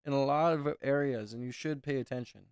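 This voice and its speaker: Gravelly streamer dad chatting with viewers. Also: male voice, mid-range voice, fairly quick, no echo, clean studio sound. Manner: warm thanks to viewers, oversharing. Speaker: streamer hosting a reaction stream. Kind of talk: casual chat.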